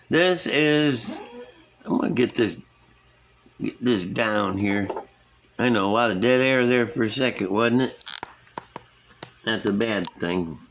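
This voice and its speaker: Guy rambling about his model cars at the workbench, slow easygoing pace, folksy, talks into the camera mic. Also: on the low side, vocal fry, fairly bright tone, slight background noise. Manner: folksy, rambling, chuckles at himself. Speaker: scale model builder, channel host. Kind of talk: casual hobby vlog, showing builds.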